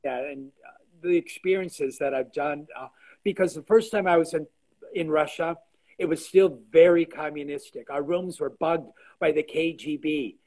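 An older man in his sixties talks with a fairly high voice over a video call. He is a guest telling stories in an animated, casual way, often trailing off and restarting mid-sentence. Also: moderate pace, poor audio. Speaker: guest artisan. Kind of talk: casual interview chat.

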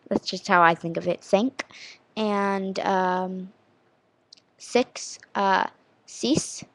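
A teenage girl talking to her camera in a slow, rambling way, giggling at herself and sounding words out over and over. Her voice has a gravelly, fried edge, and the sound is dry and close with no room around it. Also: medium pitch, dry recording. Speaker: vlogger. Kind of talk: casual vlog chat.

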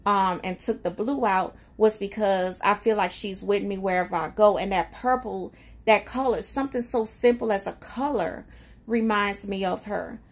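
Vlogger, woman, gravelly texture, emotional and reflective, casual and conversational delivery. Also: medium pitch, normal speed. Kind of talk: casual personal vlog.

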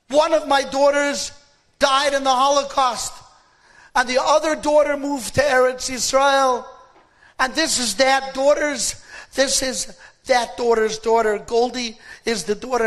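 A man's voice: extremely high pitch, a bit bright, full character voice. A man doing a frantic old grandfather. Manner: pleading, emotional. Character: frantic elderly grandfather, a goldsmith.

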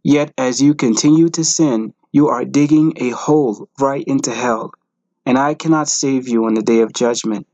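A man's voice: medium pitch, normal speed, a little mellow, no echo, highs cut off, lightly acted. Man reading Jesus: earnest, pleading divine savior, mid voice, dry close sound. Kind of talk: devotional message reading.

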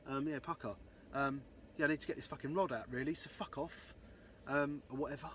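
Rambling, foul-mouthed bloke. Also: male voice, medium pitch, fairly even intonation, fairly quick, a little hiss or hum. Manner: rambling, swears constantly, many "um, so anyway" fillers. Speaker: angler vlogger. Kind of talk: casual storytelling.

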